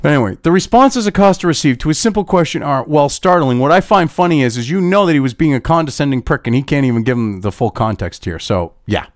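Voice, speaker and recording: A man's voice: on the high side, animated, quick pace, few pauses, no echo, clean studio sound. A man hosting political commentary, reading through an article and ranting with profanity and sarcasm.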